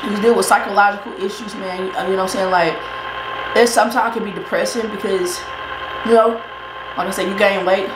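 A woman's voice: mid-range voice, fairly even intonation, a little fast, echoey room, background noise. A woman hosting an eating show, chatting casually and loosely as she eats, often repeating herself. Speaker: mukbang vlogger, host. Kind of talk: casual chat while eating. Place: indoors at her eating setup.

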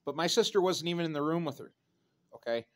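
A man's voice: on the high side, lively intonation, fast talker. Profane, sardonic man ranting. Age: 30s. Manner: sardonic, profane, darkly joking. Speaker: vlogger. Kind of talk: rambling vlog rant.

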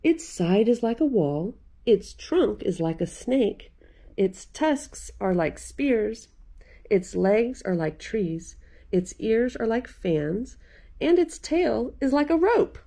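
A woman voicing a wise prince woken from his nap, who shouts high and cross, then speaks gently. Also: sing-song, takes it slowly, exaggerated voice. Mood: gentle. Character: sleepy man, a wise prince.

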